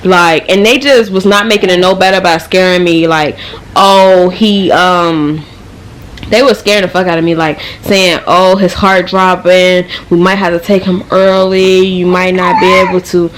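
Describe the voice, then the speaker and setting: A young woman vlogger telling a casual, profanity-laced story in slang, animated and fast-moving. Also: on the low side.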